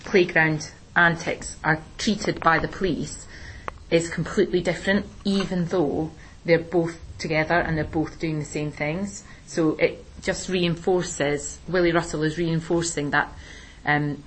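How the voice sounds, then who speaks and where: A woman teacher explaining a play in a relaxed discussion, with plenty of ums and restarts. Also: sits low, measured pace, slight background noise, poor audio. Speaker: English teacher. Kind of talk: recorded literature lesson discussion.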